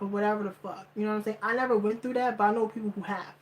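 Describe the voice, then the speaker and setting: A woman's voice: medium pitch, steady tone, racing, hardly any pauses, slight background noise, poor audio. A woman vlogger ranting in blunt, profane commentary, repeating her points for emphasis. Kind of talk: heated commentary rant.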